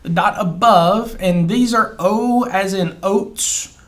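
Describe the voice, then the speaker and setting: In a casual spoken lesson, a man with a high-pitched, fairly bright voice teaches Biblical Hebrew pronunciation. He stretches words out slowly as models and asks "okay?" after each one. His manner is encouraging and informal, full of restarts and fillers.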